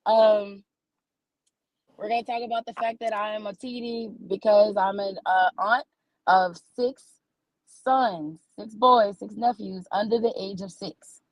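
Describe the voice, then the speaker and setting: A woman's voice: medium pitch, fairly even intonation, a little slow, no room sound, low-quality recording. A woman from New Orleans with a New Orleans accent, performing stand-up comedy in a folksy, scolding auntie tone that calls people baby. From New Orleans, USA.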